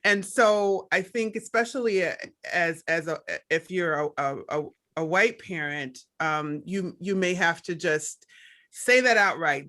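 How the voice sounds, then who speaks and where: A woman's voice: fairly low pitch, measured pace, a bit bright. A woman panel guest speaking reflectively on a radio discussion, often restarting her sentences. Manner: reflective, hesitant with many restarts.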